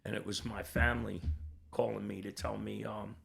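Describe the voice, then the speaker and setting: A man's voice: fairly low pitch, flat delivery, moderate pace, fairly bright tone, soft background music. An older man telling his own story as a podcast guest, blunt and raw, swearing freely and acting out the voices of people in his story. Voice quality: gravelly. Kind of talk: candid personal storytelling.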